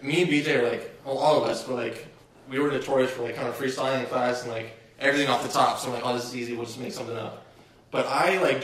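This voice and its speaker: A young man co-hosting a podcast, telling school stories in casual chat, animated and acting out what people said. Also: mid-range voice. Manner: animated storyteller, acts out quotes, chuckles. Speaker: podcast co-host. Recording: very echoey room, far from mic, faint noise.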